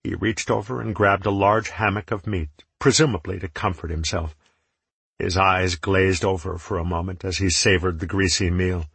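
Low, husky male audiobook narrator. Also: fairly even intonation, moderate pace, fairly bright tone, dry recording. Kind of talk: first-person fantasy narration.

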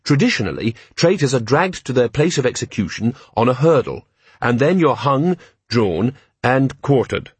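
An earnest, cheerful young guard captain, as a man reads him, polite and eager to explain. The voice carries a husky grain and sounds close and dry. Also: medium pitch, sing-song, normal speed, dry recording.

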